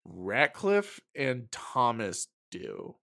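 A man co-hosts a casual film review, his pitch swinging widely as he talks. He is animated and drops casual swear words. His voice sounds dry and close. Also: drawn-out words, creaky, no echo. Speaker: podcast co-host. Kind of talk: casual movie review chat.

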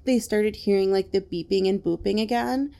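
A woman's voice: mid-range voice, moderate pace, creaky, warm tone. A woman co-hosting a podcast, casually retelling a strange story with lots of fillers. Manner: chatty, retells events with many fillers like "like". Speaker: podcast co-host telling the story.

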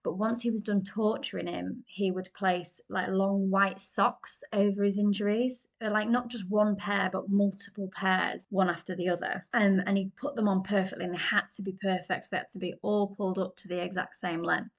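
A woman's voice: mid-range voice, level tone, normal speed, gravelly, hardly any pauses, highs cut off. A woman hosting a true crime podcast, telling the story conversationally with fillers and personal asides.

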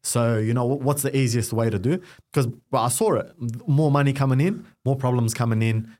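A man's voice: medium pitch, fairly quick. A young Australian man, a podcast guest, telling his story in casual chat, acting out what others said to him. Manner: animated storytelling with acted-out quotes. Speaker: guest content creator.

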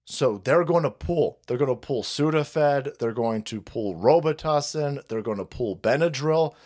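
A man's voice: mid-range voice, lively intonation, unhurried, darkish tone. A man hosting a livestream, ranting with heavy profanity and mocking laughter. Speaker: streamer host.

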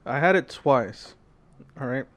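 A young man co-hosting a podcast, telling a story in a loose, animated way with lots of fillers. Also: mid-range voice, a little slow. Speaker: podcast co-host. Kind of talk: casual chat.

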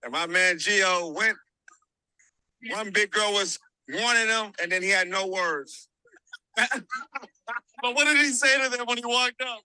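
A man's voice: sits high, a little slow, long pauses, clean tone, dry recording, rough recording. A man co-hosting a podcast, telling stories in casual chat, laughing and acting out what people said. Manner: animated, laughing, acts out quotes. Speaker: podcast co-host. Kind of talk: casual storytelling.

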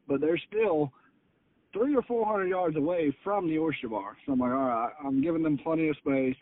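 A fishing charter captain tells a story on a podcast, fired up and cussing freely. His medium-pitched voice comes through tinny, phone-like audio.

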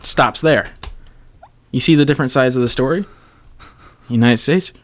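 A young man talking loosely on a podcast, rambling from one tangent to the next. His pitch sits in the ordinary middle range. He slips into quick comic voices to act out scenes. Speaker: podcast guest, comedian. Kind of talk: casual podcast chat.

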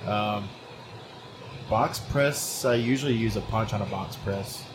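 A man's voice: fairly low pitch, a little slow. An easygoing Texan man in casual chat, hesitant with many ums. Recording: clear background noise.

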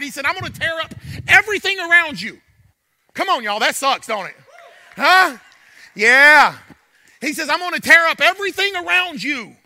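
A man preaching a sermon, dropping to soft murmurs and rising to shouted peaks, calling out to his congregation. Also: very high-pitched, expressive, normal speed, long pauses, no echo. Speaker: pastor.

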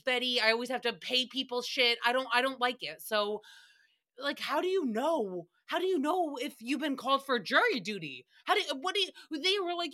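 Bright, animated young woman podcast host. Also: high-pitched. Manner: animated, swearing, joking, doing quick voices. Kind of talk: casual recap chat.

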